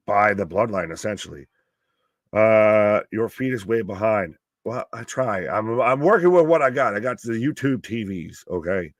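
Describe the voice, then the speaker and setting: A man hosting a live watch-along, giving casual wrestling commentary and getting loud and excited at surprises. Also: fairly low pitch, no room sound. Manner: excitable, swears, pops loudly at surprises. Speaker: alternative commentary host.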